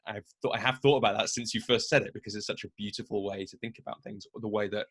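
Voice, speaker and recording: A man's voice: fairly low pitch, fairly even intonation, fast talker, a bit bright, breathy edge. A man hosting a coaching podcast, responding in a reflective, affirming way with slight hesitations. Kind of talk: interview conversation.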